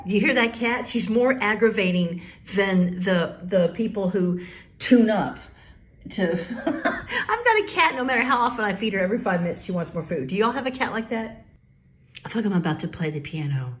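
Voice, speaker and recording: A woman's voice: on the low side, expressive, moderate pace, music in the background. A woman vlogging casually about learning ham radio and Morse code, chatty and folksy. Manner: chatty, folksy, says y'all. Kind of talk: casual chat. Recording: noisy home recording.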